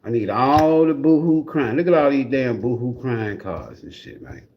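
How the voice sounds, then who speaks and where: A man's voice: mid-range voice, expressive, normal speed, muffled recording, slight background noise. A man giving a casual livestream tarot reading in a blunt, profane, mocking way. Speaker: tarot reader.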